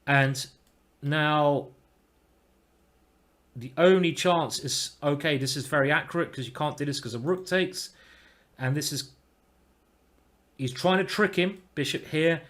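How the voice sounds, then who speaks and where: A man giving casual live-stream chess commentary, thinking aloud with restarts and breaking into excited exclamations. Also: fairly high pitch, unhurried, pauses often. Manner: bursts into excited exclamations at good moves.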